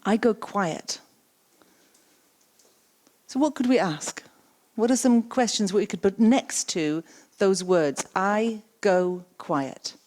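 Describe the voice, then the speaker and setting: A woman's voice: medium pitch, animated, takes it slowly, long pauses, a little mellow. A woman giving an interactive keynote on coaching. She repeats the audience's words back and asks them questions. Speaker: keynote speaker and coaching trainer. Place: conference stage.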